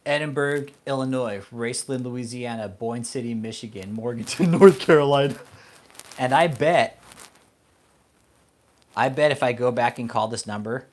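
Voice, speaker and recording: Medium in pitch and a little mellow, this channel host speaks at a normal speed. He rants casually on his vlog, swearing often and laughing a lot between rambling remarks.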